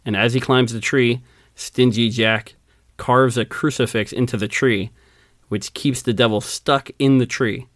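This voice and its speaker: A man's voice: mid-range voice, fairly even intonation, measured pace, fairly bright tone, no room sound, studio quality. A man co-hosting a podcast, telling a folk tale in casual chat, acting out the characters and laughing often. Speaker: podcast co-host.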